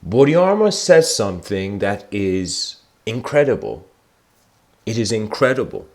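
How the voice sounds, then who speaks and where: A man giving a livestreamed spiritual talk, telling stories reflectively and slowing down for emphasis. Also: lowish voice, sing-song. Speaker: spiritual lecturer.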